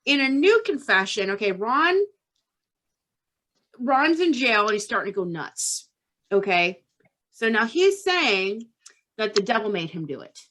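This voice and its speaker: A woman's voice: medium pitch, fairly bright tone. A woman hosting a podcast, telling a true-crime story casually and tagging her lines with "okay?". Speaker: podcast host.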